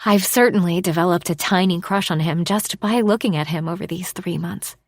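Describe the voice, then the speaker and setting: A woman narrating a romance audiobook in the first person, expressive, dropping to a hush for inner thoughts. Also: on the low side, fairly quick, no room sound, studio quality.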